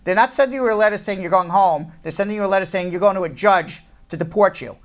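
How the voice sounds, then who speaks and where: A woman with a mid-range voice and quick pace hosts a live immigration law call-in show. She jokes and repeats phrases for emphasis before giving firm legal advice.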